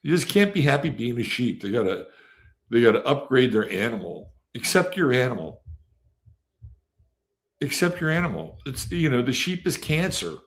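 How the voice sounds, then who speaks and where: During a relaxed live astrology broadcast, a man with a medium-pitched voice talks at normal speed, his pitch swinging widely. He names viewers as he goes, rambling and chatty, full of fillers and with sudden jumps in loudness.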